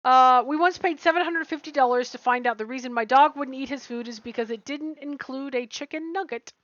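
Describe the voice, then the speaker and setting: A bubbly woman chatting playfully as a livestream co-host and reading viewer comments aloud. Her voice is high. The sound is dry and close, with dull lo-fi quality. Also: brisk, fairly bright tone, no room sound. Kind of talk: casual chat. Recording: dry, dull lo-fi stream audio.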